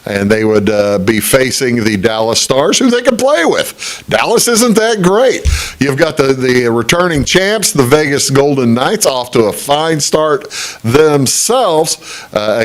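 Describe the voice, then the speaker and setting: A man hosting a casual sports talk show, chatting to camera with lots of fillers and big swoops in pitch. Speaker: show host.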